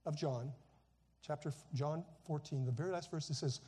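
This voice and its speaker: A middle-aged man preaches a relaxed, conversational sermon from his seat, his voice sitting noticeably high for a man. He talks informally, tosses in frequent "you know" asides, and keeps repeating a phrase to press on each word. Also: moderate pace, slightly rough. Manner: preaching while seated. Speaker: pastor.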